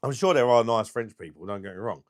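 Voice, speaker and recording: A man hosting a live stream, chatting casually and bluntly with viewers, crude and quick to laugh at his own jokes. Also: on the low side, no echo, studio quality. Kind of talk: casual live chat reading viewer comments.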